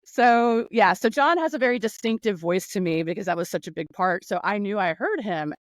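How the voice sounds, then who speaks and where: A woman from North Carolina, speaking as a guest in a casual interview over a video call, telling a long story with laughs and quick restarts. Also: medium pitch, no room sound, rough recording. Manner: animated, laughing, rambling storytelling.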